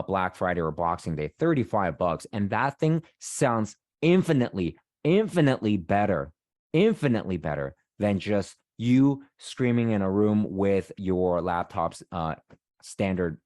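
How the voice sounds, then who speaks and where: This Canadian career coach, appearing as a guest speaker, has a deep, darkish voice captured in studio quality with no echo. His casual talk is chatty and repetitive, and he keeps asking his listeners "right?"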